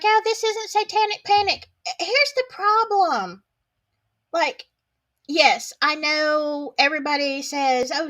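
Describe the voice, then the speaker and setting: A chatty woman with a Southern US accent hosts a casual solo livestream, reading viewer comments aloud. Her voice sits a little high, and her talk is folksy and drawling, with asides tossed in along the way. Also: fairly bright tone.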